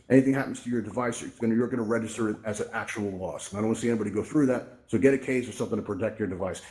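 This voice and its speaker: A man hosting a virtual reality event, telling stories in a casual, animated way and often checking in with "right?", on a VR headset mic. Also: mid-range voice. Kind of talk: casual live presentation with storytelling.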